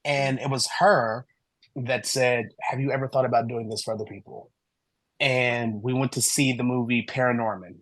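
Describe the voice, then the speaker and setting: A man guest on a podcast interview, telling his story in an animated way and acting out the dialogue he quotes. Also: mid-range voice, moderate pace, dry recording, rough recording. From American Midwest. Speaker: guest, human design reader.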